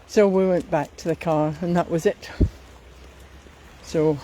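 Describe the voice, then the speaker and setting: A woman with a Scottish accent chatting while out walking in a riverside park, unhurried and a little out of breath. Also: on the low side, fairly even intonation, dark tone, a little hiss or hum, low-quality recording. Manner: chatty, unhurried, talks to her dogs. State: slightly out of breath. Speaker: vlogger. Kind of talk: casual walking commentary.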